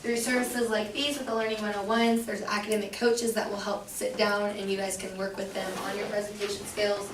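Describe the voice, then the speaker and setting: A young woman leads a classroom workshop, speaking at an ordinary pitch. She chats loosely, filling pauses with "um" and tossing questions at the room. Her voice comes from a distance in an echoey room with a faint hum of ambience. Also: flat delivery. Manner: chatty, many fillers, asks the room questions. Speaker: workshop presenter. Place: classroom of about eighteen people.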